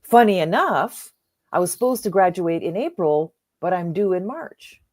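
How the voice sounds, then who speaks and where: Earnest lower-voiced woman coach. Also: moderate pace. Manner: earnest, animated retelling with quoted dialogue. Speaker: transformational coach, guest. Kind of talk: conversational storytelling.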